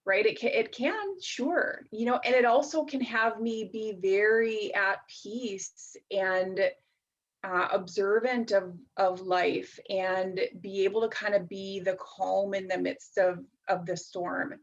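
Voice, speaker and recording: A woman in her thirties speaking as a life-coach guest in an interview. She talks reflectively and chattily, with fillers and quick asides. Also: medium pitch, steady tone, lo-fi sound. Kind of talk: casual interview chat.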